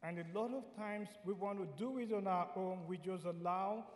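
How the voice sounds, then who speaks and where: Man, preacher, sermon, earnest, repeats phrases, high voice, roomy reverb. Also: fairly even intonation. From Nigeria. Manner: earnest, repeats key phrases, sings hymn lines slowly.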